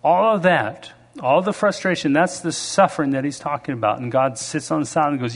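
A man's voice: on the high side, fairly quick, hardly any pauses. Man preaching a storytelling sermon. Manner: storytelling, acts out quoted voices loudly. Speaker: pastor.

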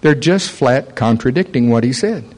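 A man's voice: mid-range voice, normal speed, poor audio. A man preaching a sermon, telling a story and acting out the voices in it. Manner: animated storyteller, acts out voices.

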